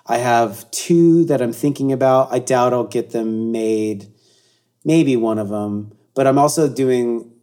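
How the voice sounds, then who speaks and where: A man, a guest on an interview show, talking reflectively with many restarts and fillers, breaking into animated asides. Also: medium pitch, measured pace, smooth. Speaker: guest, artist and speaker.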